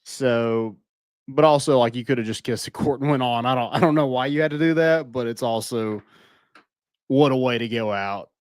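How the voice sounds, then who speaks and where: A man's voice: mid-range voice, moderate pace, smooth, no echo, studio quality. A young man co-hosting a casual sports podcast, rambling with lots of "like" and restarts. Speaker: podcast co-host.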